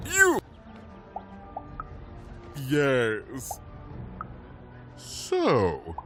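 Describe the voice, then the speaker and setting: A man's voice: medium pitch, wildly swooping pitch, extremely slow, bright, forceful tone, faint music behind, heavily acted. An actor playing a haughty, easily offended noble man in a video game, giving clipped, dismissive commands. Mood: imperious.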